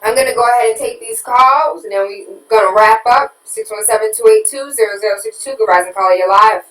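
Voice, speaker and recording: A woman's voice: fairly high pitch, brisk, fairly bright tone, reverberant, distant mic, faint music behind, low-quality recording. A woman hosting a talk radio show, preaching at listeners with rhetorical questions and candid confessions about her own parenting.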